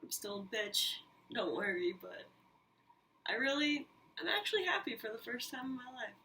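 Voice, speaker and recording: A woman hosting her own podcast, telling a personal story in an animated, candid way, with frequent swearing and quick asides. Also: a little high. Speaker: podcast host. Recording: mic a little distant, faint hiss.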